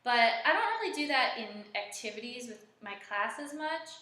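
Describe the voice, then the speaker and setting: A woman's voice: on the high side, very animated, normal speed, bright, forceful tone. Chatty woman teacher in an echoey room. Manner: chatty, many fillers, sings short solfege patterns. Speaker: music teacher. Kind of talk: casual teaching demo.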